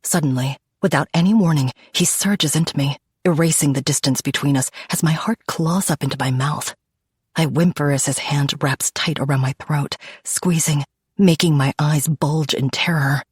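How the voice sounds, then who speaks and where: A woman narrating a dark romance audiobook in the first person, with an intimate, dramatic reading. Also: sits low, moderate pace, slightly rough, no room sound, clean studio sound.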